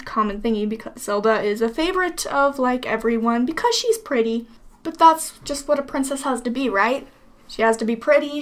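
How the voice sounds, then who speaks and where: A woman voice actor talking about her role in a casual, rambling interview monologue, full of fillers. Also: a little high. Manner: rambling, chatty, lots of fillers.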